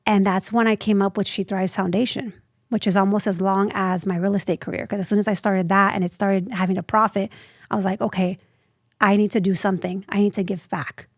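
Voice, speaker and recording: A woman in her thirties, a nonprofit founder telling her story as an interview guest, lively and acting out the voices she quotes. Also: medium pitch, brisk, no room sound, studio quality. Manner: animated, acts out quoted voices.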